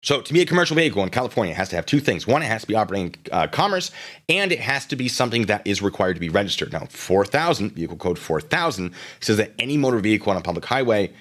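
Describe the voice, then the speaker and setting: A man's voice: on the low side, big pitch swings, very fast, fairly bright tone. A man hosting a live stream, commenting casually and sarcastically while reading chat messages aloud.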